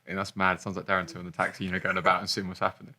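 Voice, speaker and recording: A man's voice: low voice, very fast, pushed and bright. Jokey man hosting an interview. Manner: chatty, jokey, giggles. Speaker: podcast host. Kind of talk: casual interview chat.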